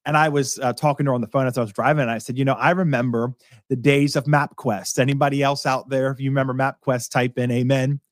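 A man's voice: medium pitch, steady tone, fast talker, dry recording. Man preaching a casual sermon, dry sound. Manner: conversational, anecdotal preaching with many asides. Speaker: pastor.

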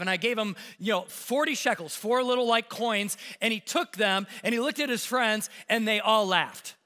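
Bright-voiced man telling a tense story. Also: sits high, a little fast, hardly any pauses. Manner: animated, building suspense, voice rising when tense. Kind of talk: personal travel story told aloud. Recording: hall reverb.

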